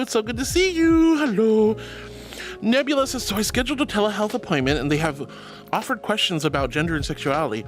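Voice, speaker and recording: A woman's voice: mid-range voice, fairly bright tone. A young woman streamer chatting casually and reading out chat messages, bubbly, giggly and affectionate.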